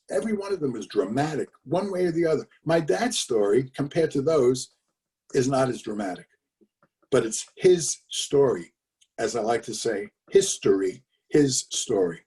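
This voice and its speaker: Over a video call, an older man recounts his father's story in a fairly high voice with a darkish tone, captured by a distant mic. His conversational telling is full of fillers and emphatic repetitions.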